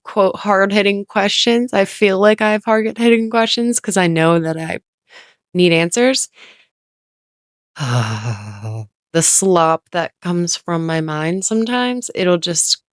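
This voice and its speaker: A woman's voice: on the low side, no echo, clean studio sound. A woman telling a personal story on a podcast in a rambling, candid way, often interrupting herself and using lots of "like". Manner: rambling, self-interrupting, heavy use of "like"; candid, occasionally swears.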